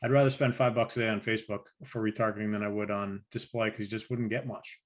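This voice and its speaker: A man's voice: lowish voice, little pitch movement, quick pace. A man hosting a casual roundtable, chatting and asking questions on a video call. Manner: conversational, steers the talk with questions.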